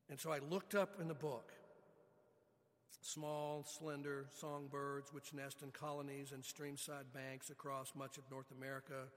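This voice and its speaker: A middle-aged man preaching, telling a folksy personal story in an animated way. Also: fairly high pitch, long reverb tail. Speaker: pastor.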